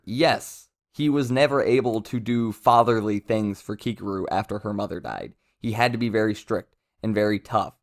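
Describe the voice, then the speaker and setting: A man giving casual commentary as a manga reviewer, rambling with self-interruptions and amused asides. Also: medium pitch.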